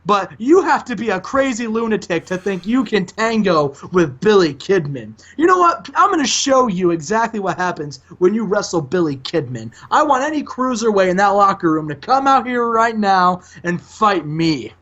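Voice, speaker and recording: Cocky young wrestler champ, big swinging pitch, dull lo-fi sound, a man putting him on. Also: sing-song, normal speed, few pauses, a bit bright, full character voice. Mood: defiant. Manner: boastful, taunting.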